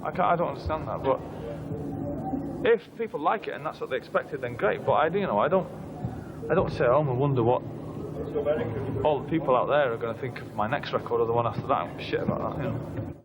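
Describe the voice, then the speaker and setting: A man's voice: medium pitch, fast, long pauses, a crowd in the background, low-quality recording. A man speaking bluntly and dismissively, interviewed outdoors. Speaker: musician interviewee.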